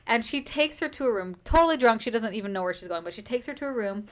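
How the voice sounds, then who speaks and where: A woman's voice: on the high side, expressive, fast talker. A woman hosting a book podcast, casually recapping a chapter in a chatty, filler-heavy way. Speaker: book discussion podcast host.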